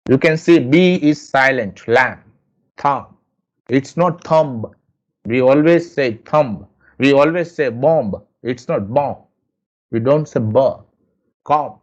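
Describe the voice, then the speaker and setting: A male teacher gives a lecture, speaking in a slightly raised pitch and at a very unhurried pace. He drills example words one by one and repeats them. The recording sounds muffled and lo-fi. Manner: explains slowly with many repeated example words. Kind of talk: lecture on English pronunciation.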